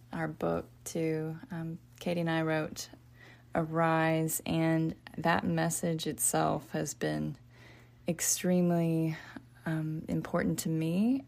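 A woman author and podcast guest, talking in a soft-spoken, reflective way. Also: sits low, creaky. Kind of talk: faith podcast conversation.

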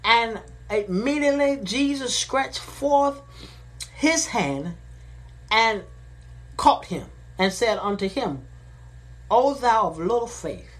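A woman's voice: fairly high pitch, lively intonation. A woman preaching a sermon, reading Bible verses and then repeating and paraphrasing them in plain words. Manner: slow and deliberate, repeating phrases. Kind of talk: sermon, reading and explaining scripture.

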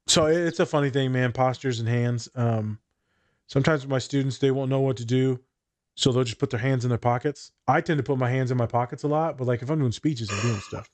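A man's voice: a little fast, dry recording. A man in casual podcast talk, voice sitting in an ordinary middle range. He laughs a lot and acts out quotes in a raised voice. The sound is dry and close, with no room around it. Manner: laughs often, animated quoting in a higher voice. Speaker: podcast host. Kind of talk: casual chat.

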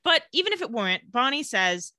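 A woman's voice: on the high side, no room sound, clean studio sound. A woman co-hosting a casual podcast, recapping episodes and acting out the characters' lines. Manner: animated, acts out character lines in quick voices. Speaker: podcast co-host recapping a TV show.

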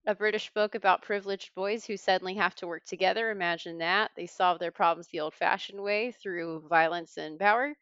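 A woman hosting a trivia podcast, reading clues in a brisk, wry way. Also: fairly low pitch, a bit bright, clean tone, no room sound. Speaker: quiz host. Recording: slightly dull lo-fi sound.

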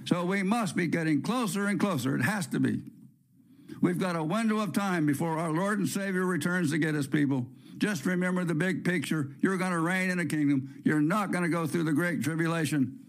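On his podcast, a man delivers a fervent, emphatic, sermon-style monologue with repeated phrases and joking asides. His voice is on the high side and brisk.

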